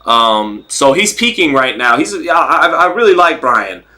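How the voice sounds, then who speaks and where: Guy hosting a livestream, rambling and joking, reading chat out loud, bright kinda high voice. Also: sing-song, unhurried. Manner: rambling, joking, reads chat comments aloud. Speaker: livestream host. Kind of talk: casual livestream commentary.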